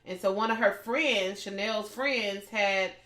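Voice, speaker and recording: A woman co-hosting a podcast, telling a story in an animated, gossipy way. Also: mid-range voice, unhurried, reverberant. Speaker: podcast co-host and comedian. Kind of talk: casual storytelling chat.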